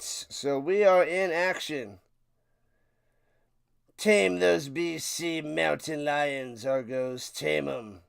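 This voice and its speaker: A chatty man calls a football game for his livestream watch party, joking along and jumping up in excitement on the big plays. His voice sits high and sounds smooth and clear. It is dry and close to the mic, with no room sound. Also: no room sound. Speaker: livestream play-by-play host. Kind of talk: casual play-by-play watch party commentary.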